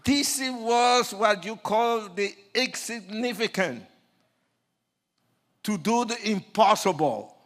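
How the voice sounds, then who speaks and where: An older man with a Puerto Rican Spanish accent, a native Spanish speaker, telling his testimony as a preacher, animated, acting out quotes and moving from soft asides to shouting. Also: sits high, takes it slowly. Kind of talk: sermon testimony storytelling.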